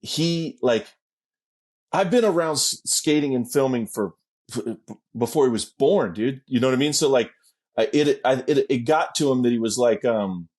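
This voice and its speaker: A middle-aged man spins casual stories as a guest, easygoing and liberally profane. He breaks into laughter partway through sentences. His voice sits at an ordinary pitch. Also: expressive, normal speed, darkish tone. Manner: laid-back, profane, laughing asides. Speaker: interview guest. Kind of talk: casual storytelling.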